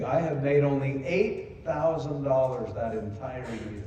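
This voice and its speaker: An older man, a company co-founder, telling a personal story in a folksy, self-deprecating way, hoarse from speaking. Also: mid-range voice, a little slow, warm tone, slight background noise. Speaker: company co-founder giving a convention speech. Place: large convention hall. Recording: echoey hall from far off.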